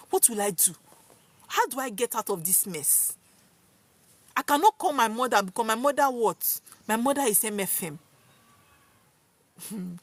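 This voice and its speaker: A young Nigerian woman telling viewers a personal story in an expressive, dramatic way, her speech mixed with Pidgin. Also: a little high, no echo. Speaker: vlogger.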